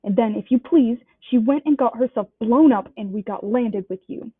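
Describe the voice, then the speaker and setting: A shrill, bitter middle-aged aunt rants in a piercing high voice, as a woman reading a storybook puts her on. The sound is thin and phone-like, with no room around it. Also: normal speed, slightly rough, no room sound. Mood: shrill, ranting. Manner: shrieking, ranting in a high pitch. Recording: dry, tinny phone-like sound.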